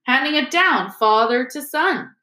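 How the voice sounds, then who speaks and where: A woman's voice: high voice, lively intonation, measured pace, bright, forceful tone, voice pushed up, full character voice. A woman voicing a grumpy, sarcastic teenage schoolboy, in an echoey room. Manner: sarcastic, irritable.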